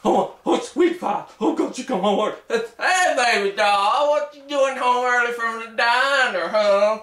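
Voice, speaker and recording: A man's voice: on the high side, expressive, moderate pace, pushed and bright, far from the mic. A man playing a boastful, simple-minded backwoods ex-soldier who rambles through a comic story in ungrammatical rural dialect, recorded in an echoey room away from the mic. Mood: pleading, panicky. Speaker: comic character. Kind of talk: comic character monologue. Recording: roomy echo, voice away from the mic.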